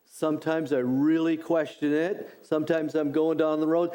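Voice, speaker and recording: A middle-aged male pastor preaching a sermon, deliberate and repeating key phrases for emphasis. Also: a little high, level tone, warm tone.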